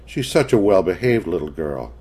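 A loud, unfailingly cheerful young schoolteacher, as a male narrator voices her, pitched high above his usual voice. Brisk and jovial, with a lively, swinging melody. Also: slightly rough, full character voice.

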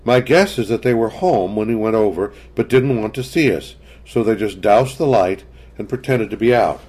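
A man's voice: fairly low pitch, expressive, normal speed, breathy edge. A man voicing an insistent husband in a read-aloud story, speaking in a commanding manner. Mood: suspicious. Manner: forceful, commanding. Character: angry insistent adult husband.

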